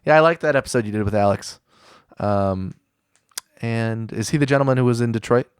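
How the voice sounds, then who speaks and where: A man hosting a podcast who talks in a measured, reflective way, often pausing with fillers as he works through his thoughts. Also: medium pitch, clear, resonant tone, no echo, clean studio sound. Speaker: podcast host. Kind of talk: casual podcast conversation.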